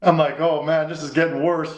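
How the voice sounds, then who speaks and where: A man's voice: on the high side, brisk, reverberant, rough recording. A Canadian man hosting a sports radio show, telling a long story and acting out the dialogue. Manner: animated, acts out quoted dialogue.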